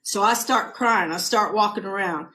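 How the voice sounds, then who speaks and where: A middle-aged woman from California, a podcast guest giving a personal testimony, speaking in halting, emotional bursts with repeated words and restarts. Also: mid-range voice, bright, forceful tone. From United States (California).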